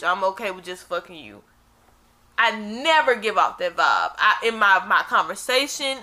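A woman's voice: on the high side, bright, forceful tone. A young woman talking bluntly and emphatically in a casual chat, swearing freely.

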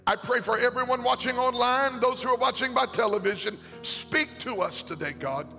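A pastor preaching a sermon to a congregation in a large church, his delivery rising into a sing-song cadence and shouted peaks. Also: very high-pitched, moderate pace, creaky. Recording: long hall reverb, faint music.

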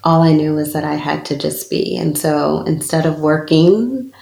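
A woman's voice: sits low, normal speed, creaky. A woman in her thirties, a spiritual speaker, telling a personal story in an earnest, reflective way during an interview. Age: 30s. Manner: earnest, personal, with soft laughs. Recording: echoey room.

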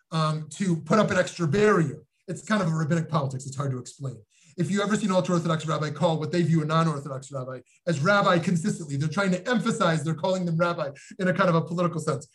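A middle-aged man, a rabbi, giving a scholarly lecture in an earnest way, with frequent restarts and a personal story. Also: sits high. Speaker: rabbi teaching a class. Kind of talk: recorded lecture with personal anecdote.

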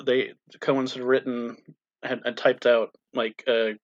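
A man's voice: mid-range voice, level tone, a little slow, muffled recording. A man co-hosting a casual film podcast, talking thoughtfully with frequent ums and restarts. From Irish extraction. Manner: thoughtful, hesitant, many fillers. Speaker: podcast co-host.

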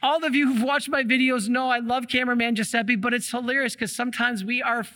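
A male priest giving a sermon, telling stories with animated, humorous energy. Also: extremely high pitch, a little fast, long reverb tail. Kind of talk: sermon, storytelling.

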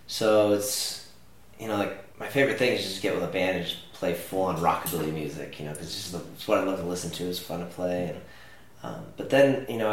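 A man's voice: deep voice, recorded from a distance, a little hiss or hum. Rambling young man, echoey and off-mic. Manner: rambling, filler-heavy, laid-back. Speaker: musician guest. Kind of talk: casual interview chat. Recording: roomy echo from off-mic.

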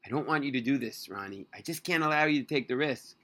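A man's voice: medium pitch, quick pace, pushed and bright, natural voice. A man voicing a firm, protective young wife who forbids her husband a risky step, in a storybook reading.

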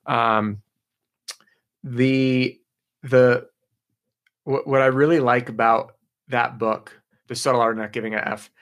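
A man's voice: medium pitch, steady tone, takes it slowly, pauses often, a bit bright. Upbeat man coaching a sales team. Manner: casual and upbeat, many fillers and restarts. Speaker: sales trainer hosting a live stream. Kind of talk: motivational live talk.

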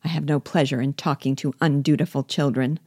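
A fretful, self-pitying middle-aged mother who complains at length, drawn-out and whining, as a woman reads her. Her tone is low and mellow, recorded close and dry. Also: steady tone, breathy edge, no echo. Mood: scolding. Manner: whining, drawn-out melancholy delivery.

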